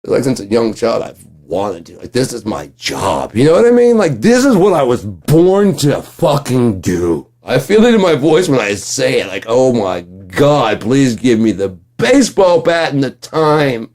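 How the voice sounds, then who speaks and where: A man ranting at home in a vlog, swearing constantly and yelling in bursts. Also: mid-range voice, very animated, measured pace, hardly any pauses. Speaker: vlogger. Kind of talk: profane political rant.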